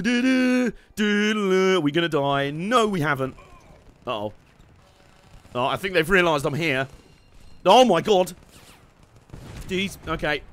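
Young man, casual game commentary, excitable, bright forceful voice, slightly high. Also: slight background noise. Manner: excitable, laughing, swearing, hums tunes while playing. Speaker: game streamer.

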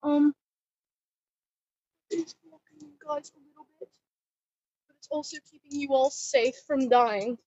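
A nervous high-voiced woman vlogging outdoors on a bike. Her sound is dull and lo-fi, coming from a phone strapped to the handlebars. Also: steady tone, a little slow, pauses often, a little mellow. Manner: nervous, keeps exclaiming. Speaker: cosplay vlogger. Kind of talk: casual vlog while riding a bike.

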